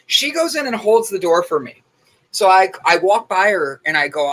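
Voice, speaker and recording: A young man co-hosting a relaxed morning show, with a fairly high, bright voice. He tells stories at length in a loose, chatty way, packed with fillers. His tone stays lively and conversational. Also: normal speed, rough recording. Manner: chatty storytelling, lots of fillers. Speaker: co-host. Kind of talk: casual morning show chat.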